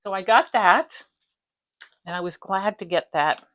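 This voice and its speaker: A woman's voice: medium pitch, measured pace, highs cut off. A middle-aged woman hosting a stitching vlog, chatting casually and rambling from one topic to the next. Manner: chatty, rambling, warm-hearted. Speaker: flosstube host. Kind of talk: casual chat.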